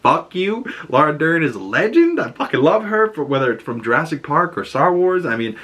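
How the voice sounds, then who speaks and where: A man giving a casual, animated movie review, chatty with lots of fillers and swearing. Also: fairly high pitch, fairly quick, slightly rough.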